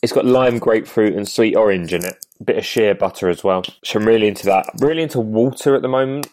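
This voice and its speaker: A man's voice: on the low side, fast, a little mellow. A man in his twenties with a southeast English accent, hosting a podcast in casual, rambling chat. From Kent, England. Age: 20s. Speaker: podcast host.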